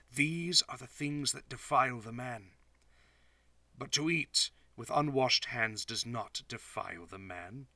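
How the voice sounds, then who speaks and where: A man voicing a solemn male teacher who speaks in a quiet, low, measured way. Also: no echo. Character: calm, solemn male teacher rebuking critics.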